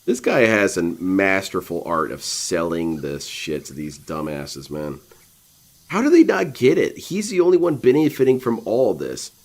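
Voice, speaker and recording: A man's voice: deep voice, huge pitch swings, measured pace. A man hosting a restream, giving crude, sarcastic commentary with mocking jabs. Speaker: host reacting to a restream.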